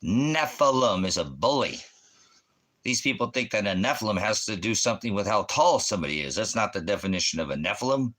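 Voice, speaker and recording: A man's voice: fairly low pitch, lively intonation, fairly quick, a bit bright. A man preaching in a ranting religious monologue, combative and full of rhetorical questions.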